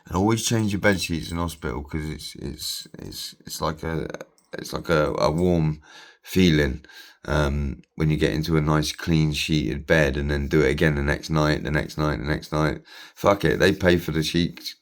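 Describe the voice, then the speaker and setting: A man's voice: very deep voice, moderate pace. A man telling a rambling personal story, swearing freely and repeating himself. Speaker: vlogger.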